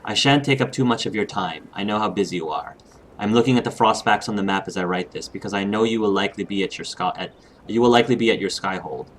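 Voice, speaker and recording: A man's voice: fairly low pitch, slight background noise, lightly acted. A man reading as a doting, tender mother. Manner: slow, tender letter reading. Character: doting mother writing to her daughter.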